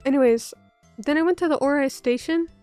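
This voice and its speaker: A young woman with a high voice that bronchitis has made hoarse, chatting loosely on a live stream. She trips over her words, swears freely and answers her chat. Faint music plays under a close, dry microphone. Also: fairly quick, a little mellow, no room sound. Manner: rambling, self-interrupting, swears, talks back to chat. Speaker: VTuber streamer.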